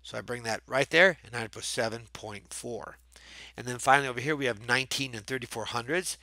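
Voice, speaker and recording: A man's voice: medium pitch, fairly quick, bright, forceful tone, no room sound. A man teaching a recorded math lesson, patiently thinking aloud step by step.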